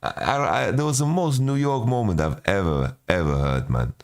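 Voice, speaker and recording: A deep-voiced man hosting a watch party stream. He rambles in a loose, profane way, tossing "bro" into nearly every sentence. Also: expressive, moderate pace, creaky. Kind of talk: casual reaction commentary.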